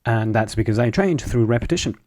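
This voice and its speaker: A French man, a native speaker of French, gives a casual pronunciation lesson in a voice of middling pitch. He explains patiently and breaks sounds down, repeating each one slowly so the learner can follow. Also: animated, a little mellow. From France.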